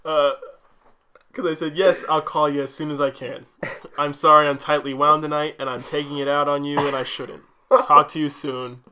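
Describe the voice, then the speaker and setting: A young man co-hosts a casual podcast, his voice sitting a little high with a bright, forward edge. He rambles through his stories and keeps breaking into giggles. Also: flat delivery, moderate pace, clean tone. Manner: giggly, rambling, often laughing. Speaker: podcast co-host.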